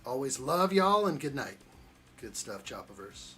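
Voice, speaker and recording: A man's voice: medium pitch, sing-song, unhurried, sharp tone, a little hiss or hum. A man hosting a live building stream, chatting casually and teasing his viewers while he reads their comments. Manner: joking, teasing banter while reading chat aloud. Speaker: live stream host building a model kit.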